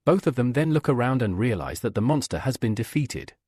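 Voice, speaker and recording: A man narrating a comic recap in steady scripted storytelling. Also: mid-range voice, brisk, husky, no room sound, clean studio sound. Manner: steady storytelling, reads all quotes.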